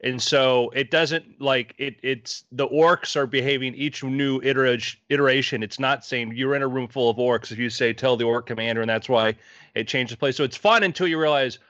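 Man, bright, crisp delivery, podcast co-host, explanatory, dry, slightly muffled mic. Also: medium pitch, normal speed, no echo. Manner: explanatory, matter-of-fact. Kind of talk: casual tech podcast chat.

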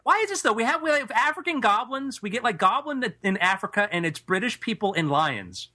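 Bright, high-voiced joking man. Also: very animated, brisk. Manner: rambling, joking. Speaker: podcast co-host. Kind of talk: casual chat.

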